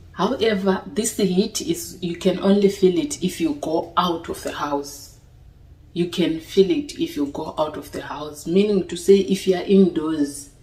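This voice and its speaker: A woman's voice: lowish voice, darkish tone, recorded from a distance. A young woman, talking casually to her viewers and often asking "you understand?". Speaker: vlogger. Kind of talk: casual talk to camera. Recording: roomy echo, voice a little off-mic.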